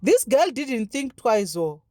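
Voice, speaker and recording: A woman tells a story at home in a casual vlog. Her voice is mellow and warm, with a dry, close sound and no room echo. She talks in an animated, looping way, full of fillers and restarts. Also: a little high, slow. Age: 30s. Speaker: vlogger. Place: home, braiding her daughter's hair.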